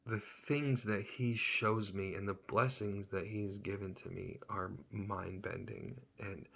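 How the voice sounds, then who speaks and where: A man with a fairly low, gravelly voice that has a husky edge, telling a personal story in an earnest, reflective way. His tone is bright and forceful despite the grit, and he drops his voice when he quotes others.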